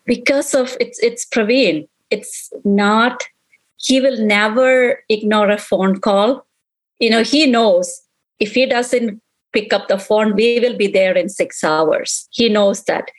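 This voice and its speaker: A woman's voice: medium pitch, low-quality recording. Earnest middle-aged mother recalling. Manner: earnest, halting, quotes others in dialogue. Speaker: interviewee, mother of victim. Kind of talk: emotional personal recollection.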